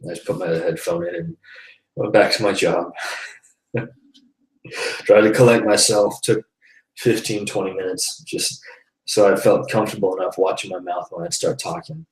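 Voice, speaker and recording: Recorded far from the mic in an echoey room, a man hosting a live online broadcast rambles through a personal, faith-based story, with frequent sighs and laughs. His voice sits low, fairly even in intonation, at normal speed with many pauses.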